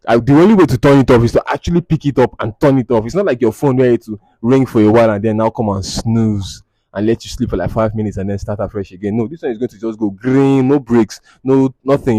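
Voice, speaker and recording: Twenties male podcast host, mellow low tone, teasing and blunt. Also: dry recording. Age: 20s. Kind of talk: casual chat reading anonymous confessions.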